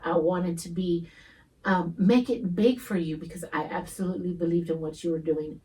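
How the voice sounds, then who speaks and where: A middle-aged woman co-hosting a podcast, chatting casually in a warm, emphatic way. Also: lowish voice, recorded from a distance, rough recording. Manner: warm, emphatic, laughs easily. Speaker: podcast co-host. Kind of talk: casual chat.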